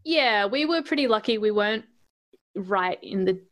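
A woman's voice: mid-range voice, lively intonation, moderate pace. An Australian woman chatting casually and laughing often. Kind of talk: casual chat.

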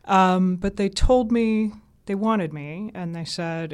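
A woman radio journalist from the American South, telling relaxed, chatty anecdotes as an interview guest. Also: mid-range voice, slow, smooth. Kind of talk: casual interview storytelling.

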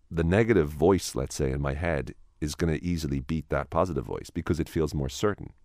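A man with an extremely low, deep voice explains his ideas as an interview guest. He often restarts his sentences and acts out the voices in people's heads. The sound is dry and close. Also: brisk, hardly any pauses, dry recording. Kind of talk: conversational interview.

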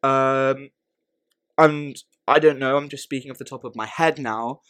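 A man's voice: mid-range voice, steady tone, a little slow, a bit bright, clean tone. A man co-hosting a podcast in casual chat, thinking aloud, repeating words and often checking "right?". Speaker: podcast co-host.

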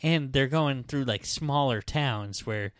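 Male podcast host, smooth voice, dry close sound, rambling casual plot recap with the odd curse. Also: mid-range voice, no room sound. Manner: rambling, profane retelling with quick put-on character voices. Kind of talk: casual book-recap chat.

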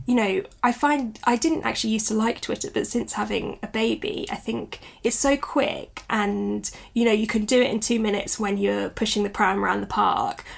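Candid woman with a gravelly voice. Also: medium pitch, fairly even intonation, normal speed, few pauses. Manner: reflective, candid, laughs often. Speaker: guest, author and new mother. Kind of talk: conversational interview.

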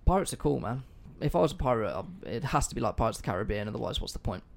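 A man's voice: mid-range voice, expressive, rapid-fire, vocal fry. A man hosting a casual history podcast, telling the story in a loose, sweary, joking way. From not American. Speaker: podcast host.

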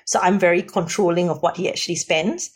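A middle-aged woman, a financial adviser chatting on a podcast in an animated, talkative way. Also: lowish voice, brisk, breathy edge. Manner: animated and talkative, often laughing. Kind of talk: casual podcast conversation.

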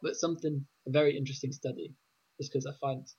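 A man chatting on a podcast, making his points in a measured way. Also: mid-range voice, flat delivery, a little mellow, husky. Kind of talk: casual chat. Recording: muffled, dull lo-fi sound.

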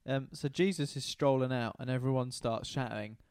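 Deadpan man retelling a story. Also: mid-range voice, normal speed, clean tone, dry recording, studio quality. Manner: deadpan storytelling with casual British slang. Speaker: podcast co-host retelling Bible stories. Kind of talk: casual comedic chat.

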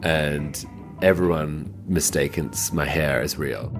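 A man with a very low voice talks through personal stories in a loose, chatty way. He performs in drag and acts out the voices of the people in his stories. Faint music plays quietly behind him. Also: slow pace. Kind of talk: casual storytelling.

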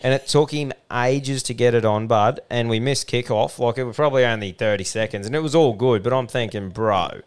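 A young Australian man telling a pub yarn on a podcast, loose and sweary with plenty of blunt slang. His voice is smooth and clean, sitting at an everyday pitch. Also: a little fast, hardly any pauses. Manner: blunt, sweary, laid-back yarn-spinning. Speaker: podcast co-host. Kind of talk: casual banter, storytelling.

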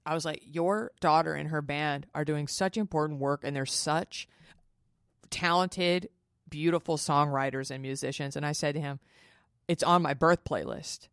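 Young woman, casual storytelling, smooth clear voice, dry close sound. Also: deep voice, steady tone, moderate pace, no echo. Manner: chatty, emotional, quotes people in dialogue. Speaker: podcast host.

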